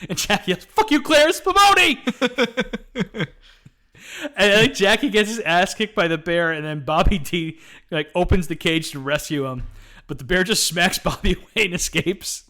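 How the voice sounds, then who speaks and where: A man with a high, bright voice talks through a film scene by scene on a podcast. He laughs a lot and bursts into loud acted-out quotes. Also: moderate pace. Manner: acts out quotes with shouting bursts, laughs often. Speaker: podcast co-host. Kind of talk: casual movie recap.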